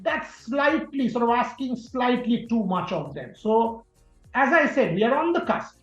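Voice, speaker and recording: A man giving forceful, opinionated interview answers as a sports journalist guest, repeating key words for emphasis. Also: very high-pitched, sing-song, unhurried. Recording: roomy, dull sound with faint music.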